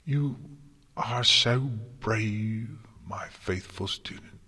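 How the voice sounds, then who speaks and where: A man voicing a weary, dying mare princess, who speaks to her student in a weak, raspy, tender whisper. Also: low voice, takes it slowly, pushed and bright, exaggerated voice. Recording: long hall reverb.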